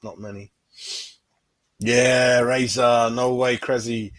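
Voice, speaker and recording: A man's voice: medium pitch, fairly even intonation, takes it slowly, dry recording. A man hosting a fan channel, chatting casually on a livestream, constantly saying "mate" and tossing in tag questions.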